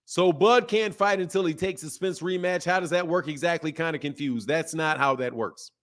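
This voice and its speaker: A man hosting a boxing channel chats casually and reads viewer comments aloud, animated and emphatic, using slangy talk and laughing often. His voice is on the high side, at normal speed.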